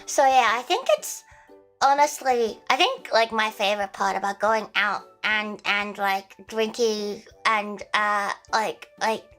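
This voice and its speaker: A woman's voice: mid-range voice, measured pace, fairly bright tone, faint music behind, low-quality recording. A young woman livestreaming, chatting casually with viewers in a rambling, giggly way with plenty of swearing. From Australia.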